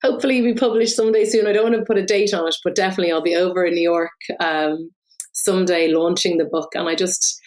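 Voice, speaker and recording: A middle-aged Irish woman from Dublin, a podcast guest telling lively stories in a casual chat. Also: on the low side, rough recording. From Ireland. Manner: lively, animated storytelling with quick asides.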